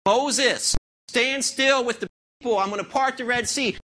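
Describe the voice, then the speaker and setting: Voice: mid-range voice, normal speed, sharp tone, a little hiss or hum, close to an everyday voice. A preacher voicing a confident, promising God. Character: God speaking, a confident, promising male deity.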